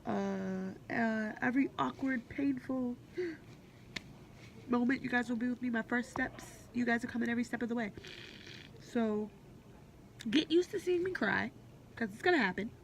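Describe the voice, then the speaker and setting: Late-twenties woman vlogger, fairly high gravelly voice, blunt and candid, faint hospital hum behind. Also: lively intonation, moderate pace, pauses often. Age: 20s. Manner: candid, blunt, swears freely. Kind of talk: personal hospital vlog. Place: hospital room. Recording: faint hospital background noise.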